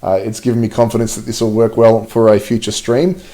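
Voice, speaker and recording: Man, mellow tone, casual live-stream host, chatty, laughs a lot. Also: fairly low pitch, flat delivery, brisk. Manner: chatty, reads out viewer comments, laughs often. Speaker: livestream host.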